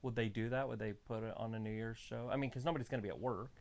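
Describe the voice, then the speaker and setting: A woman's voice: a bass voice, steady tone, fast talker, a little mellow. A woman co-hosting a casual live watch-along, giving loose, jokey commentary on the show. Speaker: co-host.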